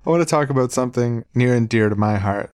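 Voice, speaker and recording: A man's voice: mid-range voice, quick pace, a little mellow. A man co-hosting a podcast, explaining terms and chatting in an earnest way. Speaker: podcast co-host. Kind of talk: casual podcast chat.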